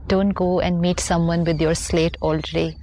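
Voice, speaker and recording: A woman's voice: on the low side, level tone, normal speed, dark tone, slight background noise. A woman speaking as a spiritual teacher on a talk show, explaining her ideas patiently and reflectively.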